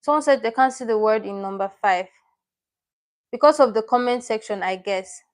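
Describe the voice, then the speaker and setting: A woman with a slightly high voice teaches a live online class. She talks in a chatty way, repeats words and corrects her own slips as she goes. She reads out viewers' names and comments. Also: moderate pace. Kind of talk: live-stream lesson.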